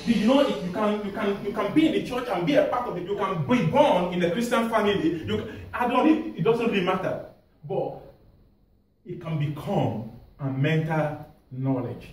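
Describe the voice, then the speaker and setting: A man with a Nigerian accent preaching a sermon, animated and laughing often, asking the congregation to finish his sentences. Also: high voice. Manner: animated, asks the audience to fill in answers, laughs often. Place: church hall. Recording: echoey church hall from far off.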